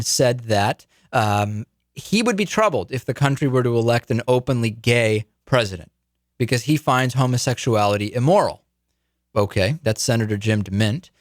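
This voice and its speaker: A man's voice: medium pitch, dry recording, clean studio sound. A man hosting a political talk show, reading news items and chatting with a co-host, often stammering and restarting.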